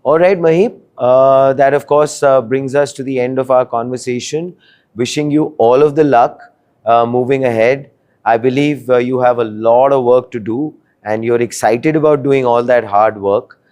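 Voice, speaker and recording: A male show host leads the interview and closes the episode. He stretches out his questions and fills pauses with frequent hesitations. His voice sits at a middle pitch. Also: steady tone, darkish tone, smooth. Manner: filler-heavy, drawn-out questions. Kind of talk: interview hosting.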